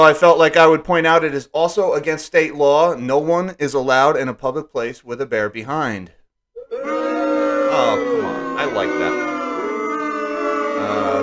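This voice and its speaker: Male streamer, mid-pitched, wry, jokey, easygoing casual talk. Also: normal speed, few pauses. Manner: wry and joking, lots of asides. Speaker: live stream host. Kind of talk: casual joking live stream commentary.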